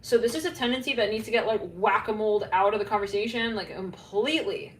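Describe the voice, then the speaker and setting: A woman giving a casual, rambling psychic tarot reading, full of fillers and quick asides, sometimes laughing at herself. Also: mid-range voice. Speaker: tarot reader. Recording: echoey room, faint background hum.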